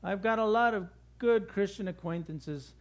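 A middle-aged man with a high voice preaches a sermon. He tells stories in a lively, conversational way from the pulpit. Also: normal speed. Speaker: pastor.

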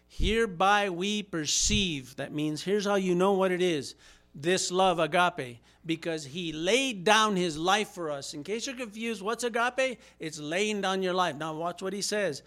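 A man preaches a sermon with a notably high-pitched voice, swinging between quiet, low asides and loud, fervent declarations. He acts out quoted voices and rises to shouts at his peaks. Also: a little slow. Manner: impassioned preaching with acted-out quotes and rising shouts. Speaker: pastor.

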